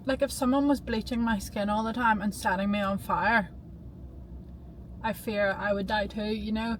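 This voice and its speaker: A young woman vlogging in a casual, rambling way, bubbly and quick to get excited. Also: mid-range voice, slight background noise, poor audio. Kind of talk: casual chatty vlog.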